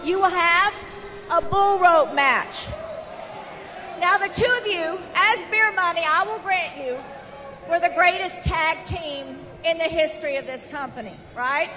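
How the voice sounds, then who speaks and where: A Southern woman with a very high voice bosses a room of wrestlers, dropping darling and honey into her orders. The audio is muffled, and a loud crowd roars behind her in the arena. It sounds like a live wrestling broadcast. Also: measured pace, slight background noise. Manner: bossy, sprinkles in darling and honey. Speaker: promotion owner on a wrestling show.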